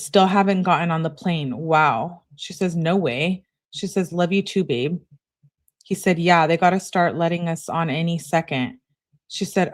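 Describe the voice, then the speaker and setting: A woman with a fairly low voice hosts a true crime channel, reading text messages aloud in a relaxed, conversational style and tossing in her own remarks.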